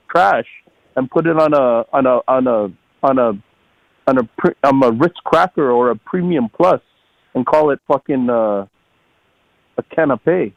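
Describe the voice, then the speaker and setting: A man's voice: fairly high pitch, vocal fry, no room sound, muffled recording. A man calling into a podcast, rambling, swearing freely and stammering on repeated words. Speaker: caller. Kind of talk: casual call-in chat.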